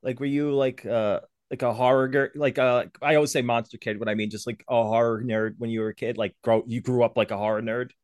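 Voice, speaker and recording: A man's voice: mid-range voice, a little fast, hardly any pauses, dry recording, studio quality. A man hosting a podcast interview, chatting casually and telling stories animatedly, acting out the voices of other people. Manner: animated storyteller, acts out quotes. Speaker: podcast host.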